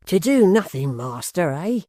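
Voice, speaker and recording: A reader doing Hugh, a rough hot-headed brawler. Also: medium pitch, big pitch swings, moderate pace, dry recording, clean studio sound. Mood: fiery. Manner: loud, impatient outbursts. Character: rough, hot-headed young man of the mob. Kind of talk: audiobook character voice.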